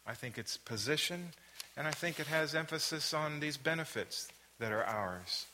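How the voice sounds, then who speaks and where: A man's voice: fairly high pitch, expressive, moderate pace, sharp tone, long reverb tail, slight background noise. A man leading a Bible study, reading verses aloud, asking the listeners questions and repeating phrases for emphasis. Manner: reads scripture aloud then asks the listeners questions.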